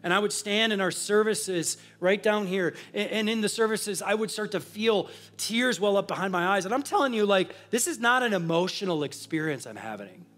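High-voiced earnest male pastor. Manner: earnest and confessional, swinging from hushed to emphatic. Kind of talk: sermon with personal testimony.

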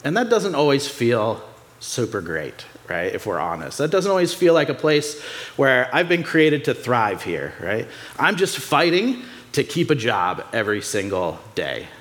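A man preaching a sermon as a pastor, conversational and joking with the congregation, acting out everyday stories with rhetorical questions. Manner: animated storytelling with pitch swings.

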